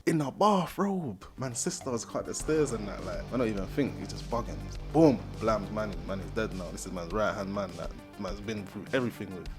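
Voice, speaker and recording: A man's voice: on the low side, brisk, hardly any pauses, over music. Young man recapping a film. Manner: animated, slips into loud voices of characters. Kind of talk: comedic slang-heavy movie recap.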